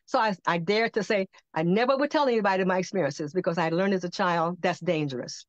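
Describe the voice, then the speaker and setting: An older woman on a podcast telling a personal testimony, animated and acting out the voices she quotes. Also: lowish voice, brisk, no echo. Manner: animated storyteller who acts out quoted voices. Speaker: podcast guest. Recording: dull lo-fi dry sound.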